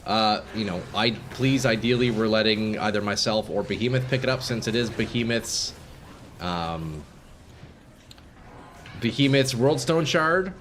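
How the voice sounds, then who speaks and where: Excitable male game streamer. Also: lowish voice, measured pace, a little hiss or hum. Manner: excited, shouty bursts between calm explaining; casual, profane, addresses chat as boys. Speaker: live streamer. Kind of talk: live gameplay commentary.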